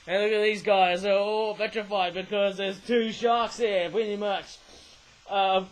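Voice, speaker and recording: High-voiced rambling toy reviewer, man. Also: fairly bright tone, low-quality recording. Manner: rambling, self-correcting, frequent tag "eh?". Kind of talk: casual toy review vlog.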